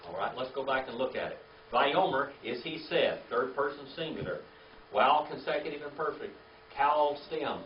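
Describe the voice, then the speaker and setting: A man leads a Bible class, firing questions at the group and drilling Hebrew words out loud. His voice sounds roomy and comes from some distance off the mic. The recording is dull and lo-fi, with faint room noise underneath. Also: medium pitch, normal speed. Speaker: Bible teacher. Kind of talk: Bible class teaching with call-and-response.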